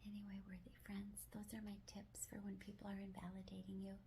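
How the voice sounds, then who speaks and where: A woman giving gentle, affirming self-help talk, mostly in a soft whisper with firmer spoken words mixed in. Her voice has a gravelly fry and sits at a middle pitch. A faint hiss runs under the recording. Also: completely flat delivery, fairly quick. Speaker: self-help video host.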